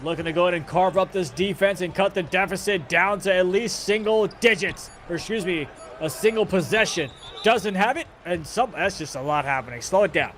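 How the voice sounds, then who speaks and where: A man calling a live esports basketball game play-by-play, energetic and jokey, rising to shouts on big plays. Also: sits high, brisk, hardly any pauses, slight background noise.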